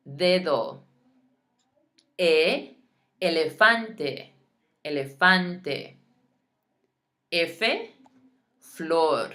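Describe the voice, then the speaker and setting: A woman with a low, deep-set voice teaches vocabulary in an online lesson. She sounds out each word slowly and patiently explains how to say it. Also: fairly bright tone. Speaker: Spanish teacher.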